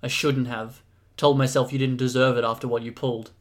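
A man's voice: mid-range voice, little pitch movement, brisk, close to an everyday voice. Man voicing an earnest, uneasy young man.

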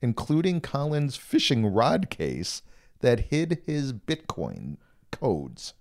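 Male radio host, animated talker with a wide pitch range, quick to laugh. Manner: laughs often, animated storytelling. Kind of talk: casual morning-show banter.

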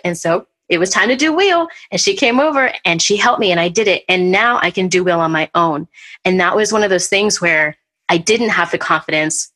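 Animated storytelling woman podcast host. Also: lowish voice, a little fast. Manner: animated storyteller, acts out what people said. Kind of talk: casual chat, telling a personal story.

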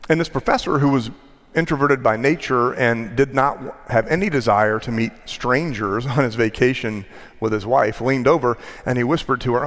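A male pastor delivering a sermon, telling a story with measured pauses and a storyteller's rhythm. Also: mid-range voice, fairly bright tone. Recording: long hall reverb.

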